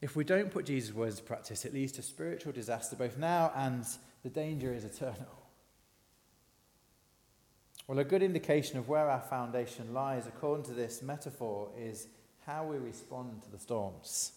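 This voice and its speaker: Man, conversational sermon, rhetorical questions, medium pitch, reverberant church hall. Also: moderate pace, a little mellow. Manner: conversational, asks the congregation questions. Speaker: preacher.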